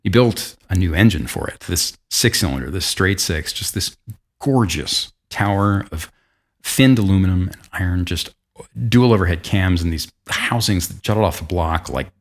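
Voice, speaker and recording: A man's voice: sits low, expressive, normal speed. A man hosting a podcast, telling a history story in a chatty, self-deprecating way with restarts and asides. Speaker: podcast host. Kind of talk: casual storytelling monologue.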